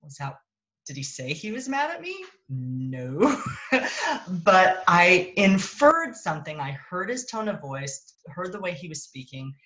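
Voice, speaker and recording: A woman's voice: lowish voice, sing-song, a little slow, a bit bright, rough recording. A woman coaching parents in a casual live-stream talk, recorded on her phone, thinking aloud and correcting herself as she goes.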